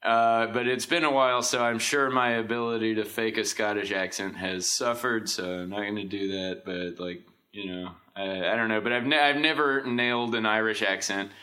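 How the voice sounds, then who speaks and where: A man's voice: on the low side, steady tone, normal speed, few pauses, bright, forceful tone. A man from Texas with a faint Southeast Texas accent, telling rambling, self-deprecating stories as a podcast guest. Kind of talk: casual chat.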